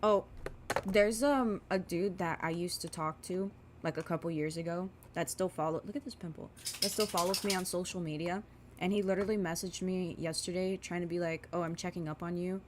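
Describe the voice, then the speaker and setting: A young woman in her twenties rants casually to her viewers while putting on makeup, looping back on herself with fillers and plenty of swearing. Her voice sits on the lower side. A faint hiss of background noise runs under the recording. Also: steady tone, fairly quick. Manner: rambling and profane, with many fillers. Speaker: vlogger.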